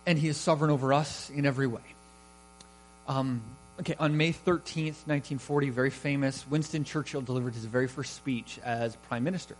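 A man's voice: mid-range voice, steady tone, a little fast, slight background noise, rough recording. A man preaching a sermon, building emphasis and rising in volume on key words. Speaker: pastor.

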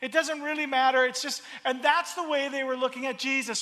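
A man preaching a sermon, expressive and repeating his words as he builds each point. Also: very high voice, fairly quick, few pauses, in a large hall. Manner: expressive, acts out crowd voices, repeats words. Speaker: pastor.

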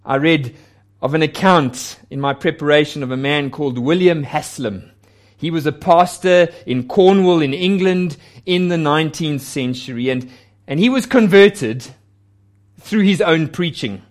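Slow, earnest higher-voiced male preacher. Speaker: pastor. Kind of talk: sermon.

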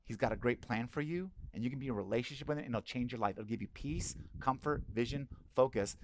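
A man's voice: medium pitch, fast, slight background noise. Man preaching a conversational sermon. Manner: conversational, asks the congregation questions. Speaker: pastor.

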